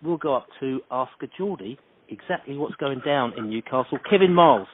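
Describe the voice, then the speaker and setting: A man's voice: mid-range voice, expressive, fairly quick, slightly rough. A man from London hosting a podcast, joking and bantering as he interviews a guest. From London, England. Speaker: podcast host. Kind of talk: casual interview. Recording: tinny phone-like sound with faint noise.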